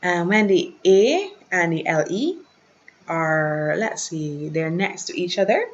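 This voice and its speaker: Slow, careful woman teaching a lesson. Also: on the low side, animated. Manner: slow, careful, repeats words for practice. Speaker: French teacher. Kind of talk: recorded online lesson. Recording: dull, slightly lo-fi recording.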